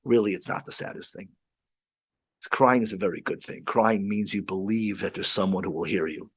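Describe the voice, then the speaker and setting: Guy w a lowish voice, rabbi telling a story, stops n restarts a lot. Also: husky. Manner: storytelling, halting with many restarts. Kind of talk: casual chat.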